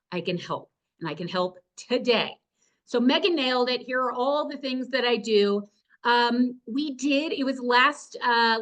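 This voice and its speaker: Woman, fairly high voice, enthusiastic, webinar presenter, video call. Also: fairly bright tone. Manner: enthusiastic, upbeat, direct to audience. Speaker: workshop presenter. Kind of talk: energetic webinar teaching.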